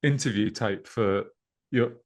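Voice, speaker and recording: A man with a low voice trades relaxed, dry jokes with his co-host on a podcast. He speaks in an easy, conversational way. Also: measured pace. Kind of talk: casual podcast chat.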